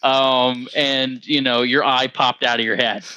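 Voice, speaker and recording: A man's voice: mid-range voice, flat delivery, a little slow, bright, forceful tone, clean tone, no room sound, lo-fi sound. A young man co-hosting a podcast, rambling and joking in casual chat on a close mic. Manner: rambling, filler-heavy, joking. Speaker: podcast co-host.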